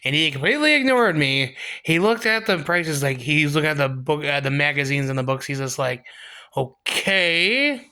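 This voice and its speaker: A young man casually telling a story to his viewers, rambling and animated, with many restarts. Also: on the high side, a little fast, few pauses, clean tone. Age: young adult. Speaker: storytime vlogger.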